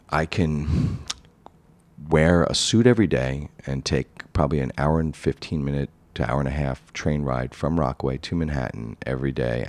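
A man's voice: very deep voice, dry recording. A man from New York, a comic book dealer, telling his own story in a rambling, casual way with many restarts. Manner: rambling, many restarts, animated when recalling.

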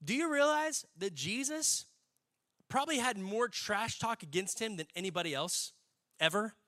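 A young adult man preaching a sermon, folksy and animated, building to emphatic peaks. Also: high-pitched, normal speed. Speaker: pastor.

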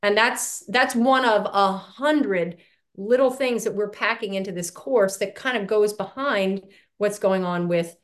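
Middle-aged woman telling her story. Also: medium pitch. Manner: lively storytelling, self-deprecating, laughs often. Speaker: author and poet, interview guest. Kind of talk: conversational interview.

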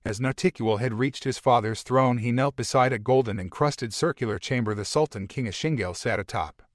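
Man reading a fantasy story, halting. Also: medium pitch, no echo, clean studio sound. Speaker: narrator.

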